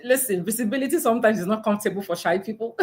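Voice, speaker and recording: A woman's voice: a little high, rapid-fire. A woman hosting a virtual book launch interview over a video call, encouraging and laughing often. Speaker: host.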